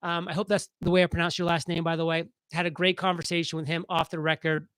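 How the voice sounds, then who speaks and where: A man hosting a casual live stream, talking fast and excitedly as he reads viewer comments aloud. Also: fairly high pitch, smooth, no room sound, low-quality recording.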